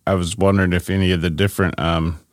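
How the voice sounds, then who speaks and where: A man's voice: sits low, level tone, fast, no room sound, studio quality. A man hosting a casual scripture discussion, thinking aloud and reading passages as he goes. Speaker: podcast host.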